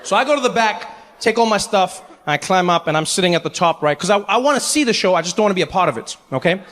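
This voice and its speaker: A male stand-up comedian telling a story with lots of energy, slipping into each character as he goes. His voice is high. The long reverb of a large performance hall trails behind him. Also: fast. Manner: animated, acts out every character.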